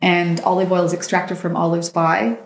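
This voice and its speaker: A woman's voice: lowish voice, moderate pace, gravelly, reverberant, a little hiss or hum. A woman guest on a podcast, telling a personal story with feeling and acting out the lines of the people in it. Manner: animated, acts out quoted dialogue. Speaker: dating coach guest.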